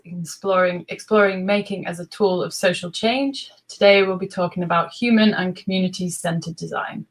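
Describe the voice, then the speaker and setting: A woman hosting an online talk, giving a measured, scripted introduction. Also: fairly low pitch, fairly bright tone, rough recording. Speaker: host.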